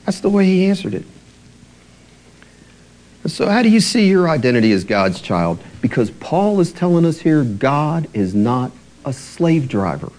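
An earnest man preaching a sermon, his voice sitting a little high and swinging widely in pitch. He slows down and drops low when he reads scripture, and he laughs lightly between points. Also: sing-song, a little mellow. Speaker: pastor.

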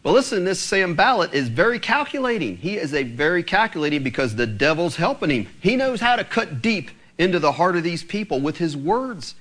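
Animated male preacher, lively pitch. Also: fairly quick, few pauses. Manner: animated, emphatic, addresses congregation directly. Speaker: pastor. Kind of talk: sermon.

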